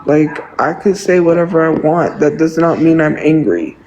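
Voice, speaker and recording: A woman's voice: low-pitched, normal speed, a little mellow, dull audio. A woman livestreamer ranting to her viewers, indignant and profane, saying "literally" and "like" again and again.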